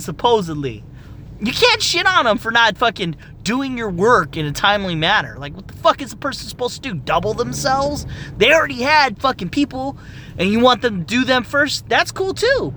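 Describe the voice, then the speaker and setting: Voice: sits high, bright, forceful tone, a little hiss or hum. A young adult medical office worker ranting in a heated, profane, exasperated monologue.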